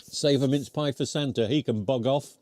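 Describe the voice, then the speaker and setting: Mellow-voiced British man rambling on a live stream. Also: mid-range voice, normal speed. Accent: British English. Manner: rambling, chatty, self-deprecating; talks while chewing. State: voice getting worn. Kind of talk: casual live chat reading comments. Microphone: close mic near mouth.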